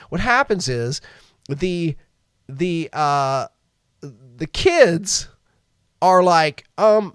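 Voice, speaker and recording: A podcast host, a man, tells a story in loose, casual talk. His pitch swings a lot as he acts out quoted lines and laughs between them. The sound is dry, with no room around it. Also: fairly bright tone, clean tone, no room sound.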